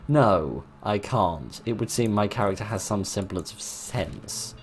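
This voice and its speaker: A man's voice: on the low side, expressive, measured pace, hardly any pauses, a little hiss or hum. Sarcastic man reading a game aloud. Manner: dry, sarcastic, rambling asides. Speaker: gaming video host. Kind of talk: let's-play commentary and reading game text.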